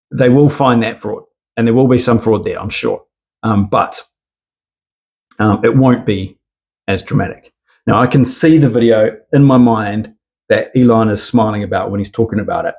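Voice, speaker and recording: A man's voice: medium pitch, gravelly, darkish tone. A man delivers a casual opinion monologue in a rambling, swear-heavy style. He comes across as sarcastic and loose, with plenty of filler along the way. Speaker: commentator.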